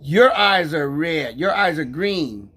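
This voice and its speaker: A man's voice: a little high, animated, slow pace, bright, forceful tone, husky. An older man hosting a casual vlog, teasing and joking in a folksy, playful way with his grandson. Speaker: vlog host. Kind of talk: casual live chat with grandson.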